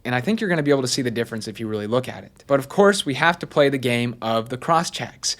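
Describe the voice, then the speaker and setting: A man hosting a casual personality analysis video, chatty and excitable, with lots of "like". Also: medium pitch, fast talker. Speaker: host.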